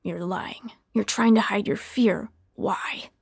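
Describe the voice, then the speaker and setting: Woman putting on a low, breathy murderous man. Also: steady tone, slow, whispered, exaggerated voice. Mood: baffled. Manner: low hushed breathy menace. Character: cruel murderous adult man, menacing and cold.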